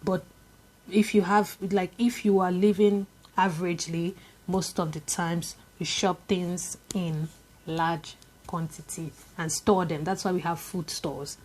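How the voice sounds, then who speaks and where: A woman's voice: lowish voice, steady tone, a little slow, a little mellow. A young woman with a Nigerian accent, chatting casually to camera in a vlog, with many fillers and repetitions. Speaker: vlogger.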